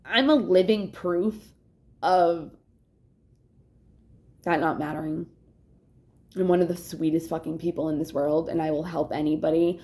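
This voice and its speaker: Low, warm, and steady, her voice runs a little slow with frequent pauses. The young adult woman talks candidly in a casual vlog, rambling along, swearing frequently, laughing between thoughts, and yawning to catch her breath.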